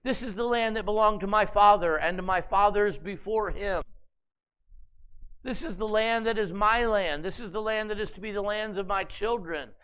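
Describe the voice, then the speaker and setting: A man's voice: high voice, normal speed, a bit bright, clear, resonant tone. A man voicing a proud landowner who earnestly and firmly declines a king's offer. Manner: firm, earnest refusal. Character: proud landowner, adult man, firm and respectful.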